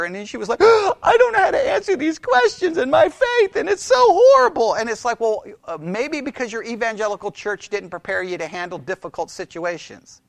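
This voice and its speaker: A man's voice: sits high, a bit bright, no echo. A man lecturing a Bible class in a conversational way, quizzing his listeners and repeating key phrases.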